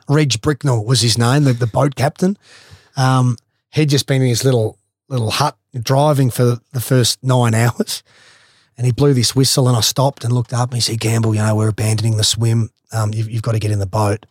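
A man, a former footballer, telling a swimming story in a casual, animated way, swearing freely and laughing as he goes. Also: mid-range voice, no room sound, studio quality.

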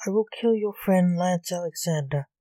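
A woman reading out a masked male necromancer who makes slow, measured threats in an audio story. The voice sits low and mellow, and it is dry and close. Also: dry recording, lightly acted. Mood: menacing.

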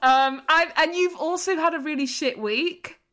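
A woman co-hosts a casual podcast. Her talk is lively and teasing, with frequent swearing. Her voice sits slightly high, and she is from England. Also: normal speed. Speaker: podcast co-host. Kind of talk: casual chat.

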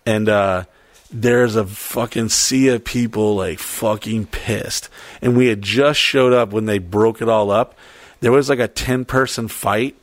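A man casually telling a story on a podcast, animated and profane, acting out the voices of other people. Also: on the low side, a little slow, no room sound. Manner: animated, swears a lot, acts out voices.

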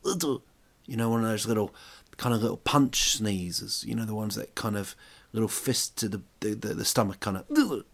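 A man's voice: lowish voice, lively intonation, normal speed, vocal fry. A man hosting a podcast, telling jokey stories in a rambling, casual monologue full of restarts. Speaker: podcast host.

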